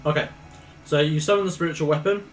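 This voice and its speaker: A man's voice: fairly high pitch, fast talker, soft background music, low-quality recording. A man running a tabletop game as game master, patiently explaining the rules step by step.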